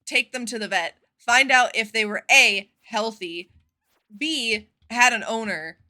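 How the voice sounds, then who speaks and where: A woman streamer chatting casually with her viewers, telling stories in an expressive, profane way. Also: fairly high pitch, unhurried. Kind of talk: casual live-stream chat.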